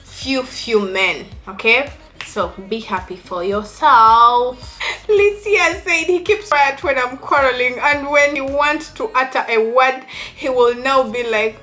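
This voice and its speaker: Chatty woman vlogger, slightly high voice. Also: unhurried, sharp tone, soft background music. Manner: chatty, teasing, bursts into laughter. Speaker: relationship advice vlogger. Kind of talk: casual chat reading viewers' comments.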